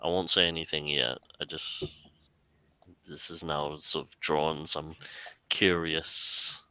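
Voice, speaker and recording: A man playing in a tabletop game, speaking slowly and tentatively. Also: rumbling low, little pitch movement, pushed and bright, dry recording. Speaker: player.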